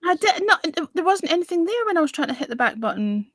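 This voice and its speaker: A woman's voice: very high voice, sing-song, quick pace, a bit bright, no room sound. A woman hosting a music review livestream in casual chat, chatty and muttering to herself as she searches for things.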